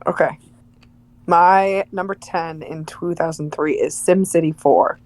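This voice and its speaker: A woman's voice: fairly low pitch, steady tone, unhurried, darkish tone. A woman co-hosting a podcast in casual chat, with dry, sarcastic humor. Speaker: podcast co-host.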